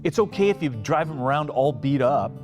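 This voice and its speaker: Animated, laughing male podcast host. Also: brisk, music in the background. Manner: animated, laughing often, mocks quotes in a deep announcer voice. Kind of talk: casual podcast monologue.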